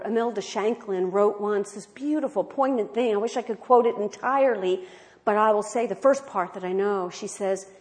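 Animated woman preaching a sermon. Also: on the high side. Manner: storytelling, swinging from loud to hushed.

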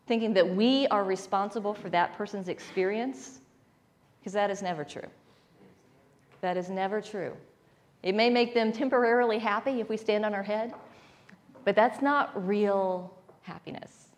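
A woman leading a spiritual talk with a congregation, telling stories playfully and laughing often. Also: medium pitch. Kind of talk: spiritual talk with call-and-response.

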